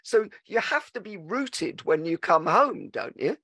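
A man's voice: sits high, very animated, a little slow, sharp tone, slightly rough, dry recording, clean studio sound. A man hosting a podcast, who chats easily, tells anecdotes and asks questions with a few restarts. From Scotland. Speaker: podcast host. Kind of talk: conversational interview.

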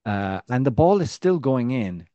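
A man co-hosting a casual football podcast, telling stories with lively restarts and a voice that rises when excited. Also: a little slow, no room sound, lo-fi sound. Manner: animated storyteller, restarts, rising pitch when excited. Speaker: podcast co-host.

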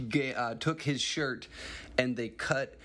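A man's voice: mid-range voice, takes it slowly, fairly bright tone. A man, a musician, recalling favorite show memories in a casual, rambling recorded message full of fillers.

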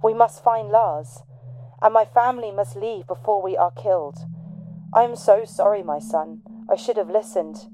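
A woman reading an old journal aloud as a frantic parent whose child is missing, loud, pleading and urgent. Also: medium pitch, moderate pace, soft background music, lightly acted, rough recording. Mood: desperate.

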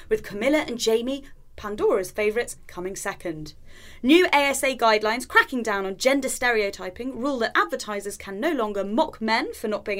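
A woman co-hosting a podcast, reading out a news roundup in a brisk, wry way with dry asides into a studio microphone. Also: mid-range voice, fairly bright tone. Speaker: podcast co-host.

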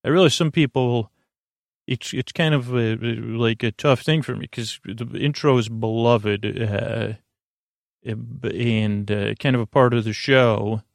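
Gravelly rambling sleep podcast host man. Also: medium pitch, fairly even intonation, dry recording, studio quality. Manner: meandering, halting, many fillers and restarts. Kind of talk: rambling casual reading of listener reviews.

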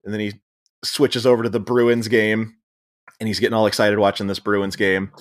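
A man's voice: fairly low pitch, flat delivery, moderate pace. A young adult man co-hosting a podcast, retelling film scenes with jokey asides. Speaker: podcast co-host. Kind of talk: casual film recap chat.

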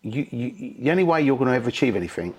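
A man's voice: mid-range voice, big pitch swings, racing, a little mellow, husky. A man with a London accent hosting a podcast, talking emphatically and swearing for emphasis. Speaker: podcast host. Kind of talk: casual chat.

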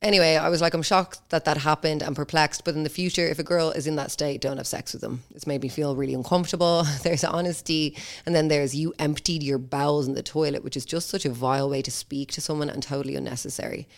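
A young woman hosting a podcast, telling a story in a blunt, sweary, animated way. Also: low voice, quick pace. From Ireland. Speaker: podcast host. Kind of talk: casual monologue.

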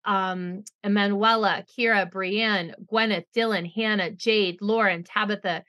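A middle-aged woman co-hosting a podcast, chatting casually and reading out thanks, emphatic and quick to react with blunt humor. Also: medium pitch, steady tone, fairly bright tone. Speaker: podcast co-host. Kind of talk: casual chat and show reading.

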